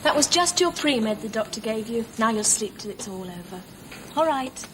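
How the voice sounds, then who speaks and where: A woman's voice: a little high, lively intonation, normal speed, noisy background, lightly acted. An actress playing a hospital nurse who talks to patients in a soothing, motherly way. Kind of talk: scripted TV drama acting.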